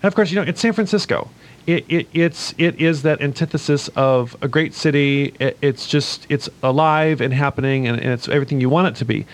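A man's voice: fairly high pitch, fairly quick. A man co-hosting a podcast in casual chat, campy and teasing. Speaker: podcast co-host.

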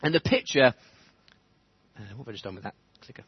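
A man preaching a sermon in church, animated, chuckling often and building to fervent emphasis. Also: mid-range voice, a little fast, breathy edge, no room sound. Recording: dull lo-fi church recording.

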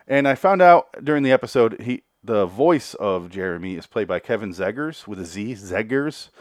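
A man's voice: fairly low pitch, animated, moderate pace, no echo. Sarcastic podcast guy ranting about a cartoon, swears a lot, dry close mic. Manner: profane, sarcastic, rambling. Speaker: podcast host reviewing cartoons. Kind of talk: casual review chat.

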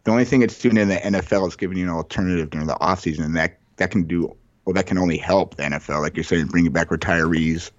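Deep-voiced man rambling in casual chat. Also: fast, dry recording, highs cut off. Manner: rambling, fillers like "you know what I mean". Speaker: podcast co-host.

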